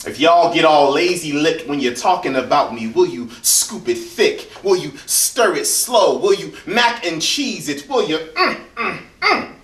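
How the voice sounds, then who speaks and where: A man delivers spoken word poetry on stage, pitched slightly high for a man, hammering out rhythmic, repeated questions that swell and drop in force. The voice reaches the mic from a distance and rings through a reverberant hotel event room. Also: lively intonation, a little slow. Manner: rhythmic, incantatory repeated questions with sharp swings in loudness. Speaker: featured poet. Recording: echoey room, voice from far off.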